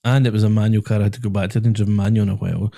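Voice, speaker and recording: A Scottish man who hosts a podcast and works as a driving instructor chats casually in a small podcast studio. His voice is low, warm and creaky with little pitch movement, and he races along, laughing at his own stories.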